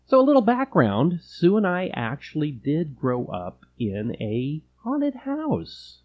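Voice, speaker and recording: A middle-aged man co-hosting a podcast in a chatty, laughing way, telling stories with lively energy. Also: fairly high pitch, slow, highs cut off. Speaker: podcast co-host. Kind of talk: casual chat.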